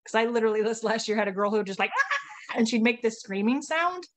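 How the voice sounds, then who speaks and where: A woman guest who used to teach, chatting casually and telling lively stories with plenty of laughter. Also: on the high side, fast talker. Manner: lively storyteller, laughs a lot, acts out quotes. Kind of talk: casual conversation.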